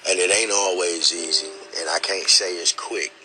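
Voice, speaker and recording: A middle-aged man hosting his podcast, speaking in a halting, emotional way, repeating words and often saying "man" as he holds back tears. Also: low voice, steady tone, sharp tone, faint music behind, low-quality recording. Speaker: podcast host. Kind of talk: emotional spoken dedication.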